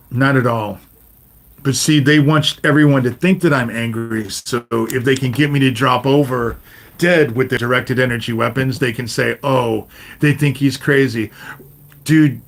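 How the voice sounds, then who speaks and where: A man in his fifties ranting on his own livestream, swearing heavily, talking straight at viewers and ending lines with "you know?". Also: mid-range voice. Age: 50s. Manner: swears constantly, addresses viewers directly, repeats "you know?". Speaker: livestream host. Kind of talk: profane livestream rant to chat.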